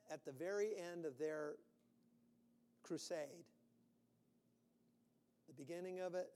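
A man preaching a sermon, animated, acting out quotes with sudden loud bursts. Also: on the high side, in a large hall. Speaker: pastor.

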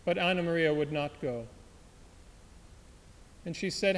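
A man tells a dramatic story in an earnest sermon, with a high voice. His delivery is slow and deliberate, and a long hall reverb trails after each line.

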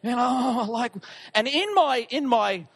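High voiced aussie pastor, animated and self-deprecating, telling a funny story in a sermon. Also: male voice, slow pace, slightly rough.

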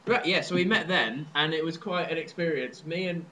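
A young man from southern England co-hosting a casual chat show, excitable and jokey with sudden loud laughing shouts. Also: on the high side, normal speed, a little hiss or hum, low-quality recording. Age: young adult. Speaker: podcast co-host.

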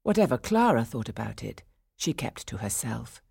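A woman narrating a classic storybook with a low, deep voice. Her telling is expressive and measured, with a lively, rising and falling melody. The sound is dry and close to the mic. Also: creaky, breathy edge, dry recording.

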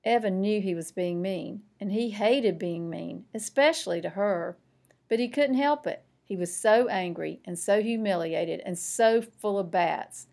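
A woman, a school principal, reading a children's novel aloud with expressive, lively storytelling. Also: medium pitch, measured pace, gravelly.

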